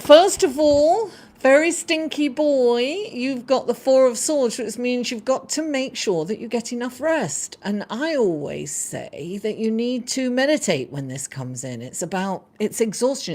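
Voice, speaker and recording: A woman's voice: a little high, darkish tone. A woman hosting an astrology livestream, chatting casually, laughing often and reading out viewer comments.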